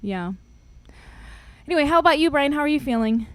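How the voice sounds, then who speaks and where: A young woman co-hosting a podcast, telling a story in an animated, laugh-filled way with lots of fillers. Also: high voice, fairly quick, no echo. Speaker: podcast co-host. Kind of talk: casual chat, storytelling.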